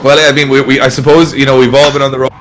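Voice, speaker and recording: A man's voice: mid-range voice, little pitch movement, very fast, background noise. A man hosting an online event in casual, rambling chat, often trailing off mid-sentence. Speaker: event host.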